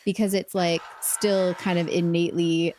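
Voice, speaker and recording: A woman's voice: on the low side, level tone, normal speed, darkish tone, a little hiss or hum. A young woman streaming a video game, chatting casually and playfully and laughing often. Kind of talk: casual live-stream chat while gaming.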